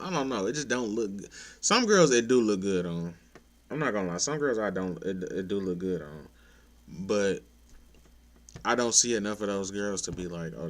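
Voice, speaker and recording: A low-voiced content creator rants to his viewers about his opinions, laid-back, blunt and profane, occasionally rising to exasperation.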